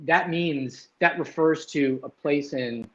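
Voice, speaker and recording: A man's voice: fairly high pitch, slow, a bit bright. A man hosting a livestream, rambling casually and swearing now and then. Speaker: livestream host. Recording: dull lo-fi sound.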